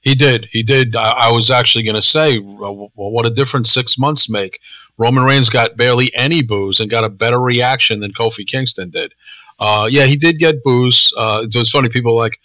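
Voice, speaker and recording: A man's voice: mid-range voice, fairly quick, sharp tone, no echo, low-quality recording. A man co-hosting a podcast, chiming in with short agreeing replies in a laid-back, casual chat about wrestling. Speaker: podcast co-host.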